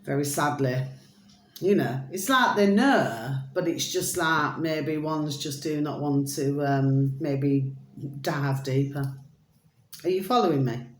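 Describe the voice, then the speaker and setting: A British woman rambles chattily to camera in a vlog, peppering her monologue with pet phrases and sing-song asides. Her voice is low and she speaks slowly. The room is echoey, with a slight hiss or hum.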